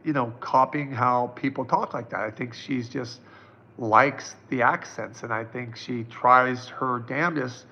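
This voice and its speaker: A man's voice: mid-range voice, fairly even intonation, a little slow, bright, forceful tone, dull audio. A man in his fifties, a psychic answering viewers' questions on a live stream in a casual, reassuring way. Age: 50s. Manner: casual, reassuring, chatty with many fillers.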